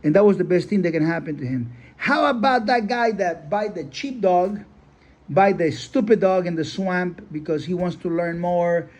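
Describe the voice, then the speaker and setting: This dog breeder's voice sits high and sounds animated at a normal speed. Telling a story casually, he wanders, leans on "you know," and swears bluntly now and then.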